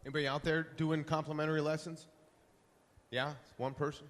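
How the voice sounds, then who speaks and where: A man's voice: on the high side, level tone, a little fast. A man moderating a conference panel, polling the audience and handing off to panelists. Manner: upbeat, polls the audience, hands off to panelists. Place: conference hall. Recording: long hall reverb.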